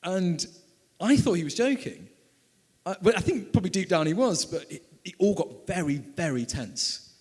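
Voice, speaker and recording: Animated British male storyteller, hall reverb. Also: high-pitched, moderate pace, husky. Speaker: author and filmmaker. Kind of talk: storytelling at a book talk. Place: event hall.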